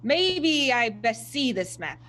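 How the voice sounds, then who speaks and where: A woman's voice: fairly high pitch, very animated, slow, fairly bright tone, slight background noise, full character voice. A woman voicing a flamboyant female pirate captain in a mock pirate dialect. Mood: swaggering.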